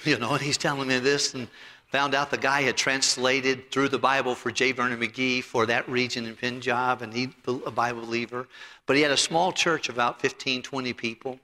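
Booming-voiced preacher man in a reverberant hall. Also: level tone, brisk. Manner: preachy and anecdotal, swings between loud emphasis and soft asides. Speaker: pastor. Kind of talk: sermon. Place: church sanctuary.

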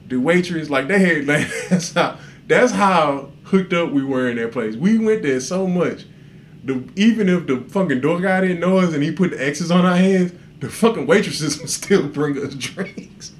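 Animated, profane podcast storyteller man. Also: a little high, moderate pace, a little hiss or hum. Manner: profane, laughing, acts out dialogue. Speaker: podcast co-host. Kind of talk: casual storytelling rant.

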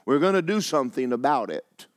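A man's voice: mid-range voice, sing-song, brisk, dry recording. A man preaching a sermon as pastor, mixing joking asides with fervent calls.

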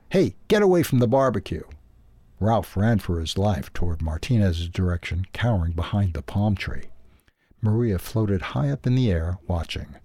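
A man reading a children's animal story aloud for a newsletter's audio edition, in a calm, even way. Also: deep voice, vocal fry, husky, dry recording. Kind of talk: storybook narration.

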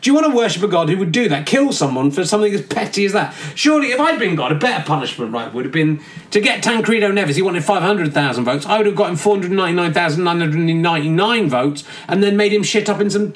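A man on a stand-up bit, sarcastic and incredulous, piling on mock outrage. His voice sits high and leaps about. It sounds distant from the microphone. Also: roomy sound. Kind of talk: stand-up comedy monologue.

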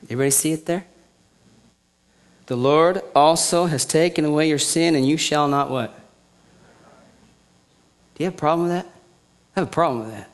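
A man preaching a sermon, firing rhetorical questions at his congregation and swinging from quiet teaching to loud indignation. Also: on the high side, moderate pace, pauses often.

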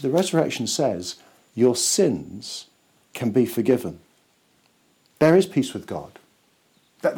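A man, a church pastor, preaching a sermon slowly and emphatically, with dramatic pauses. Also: on the high side, dark tone.

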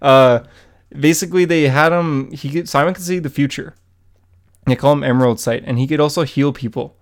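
A man's voice: fairly high pitch, fairly quick. A man co-hosting a casual comic book podcast, talking eagerly and rambling with many likes. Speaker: podcast co-host.

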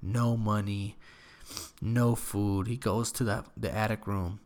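A man hosting a podcast, telling a crude joke in a rambling, profane way and often dropping to a hush. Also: on the low side, steady tone, moderate pace, gravelly. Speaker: podcast host.

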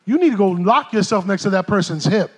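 A middle-aged pastor preaches in a very high voice for a man. His delivery is animated and streetwise, full of jokes and asides. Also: brisk, slightly rough. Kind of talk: sermon. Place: church stage.

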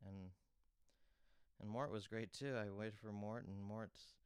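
A man's voice: lowish voice, steady tone, a little slow, clean tone, no room sound. A young man telling a story in a casual, chatty way, full of "you know" and "like.". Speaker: comedian guest telling a story.

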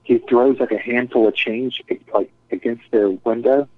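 A man's voice: medium pitch, fairly even intonation, normal speed, no echo. A man casually telling a rambling story full of swearing and acted-out quotes. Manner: profane, rambling, acts out quotes. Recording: tinny phone-like dry sound.

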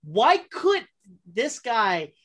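A woman co-hosting a casual podcast chat, talking in an animated way with many fillers and restarts. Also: fairly high pitch, extremely slow. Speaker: podcast co-host.

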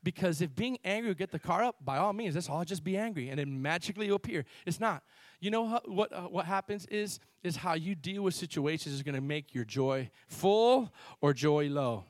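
A male pastor preaching in a church with a fairly high voice. He tells stories with animated energy, jumping from loud bursts to hushed asides. The sound is close and dry. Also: a little fast, no echo. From Miami. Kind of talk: sermon.

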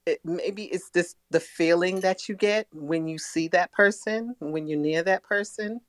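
A woman co-hosts a casual podcast chat in a slow, reflective way. She hesitates and restarts as she thinks. Her voice is dry and close. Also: on the low side, dry recording.

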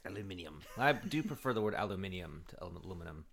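A man's voice: on the low side, expressive, quick pace, vocal fry, fairly bright tone, slight background noise. A man co-hosting a casual chat, joking, laughing often and mimicking people in his stories. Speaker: co-host.

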